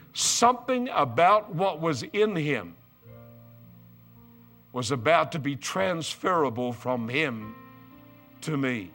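An older man delivers a storytelling sermon in a bright, forceful, slightly high voice. He drops into quiet asides, then builds to loud, excited bursts. Faint music plays underneath. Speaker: preacher.

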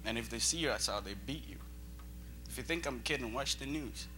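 Bright-voiced man. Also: mid-range voice, animated, fairly quick, a little hiss or hum. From Botswana. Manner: earnest, emotional, preacherly. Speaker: guest missionary speaker. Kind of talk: church testimony.

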